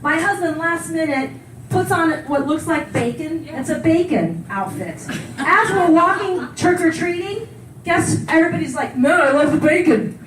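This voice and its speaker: A high-pitched woman in her forties tells personal stories from a conference stage, chatty and quick to laugh, acting out the voices she quotes. Her voice rings around a large echoey hall and sounds a little far from the mic, with faint room ambience behind her. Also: lively intonation, fairly bright tone, slight background noise. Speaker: keynote speaker. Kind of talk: conference talk, personal storytelling.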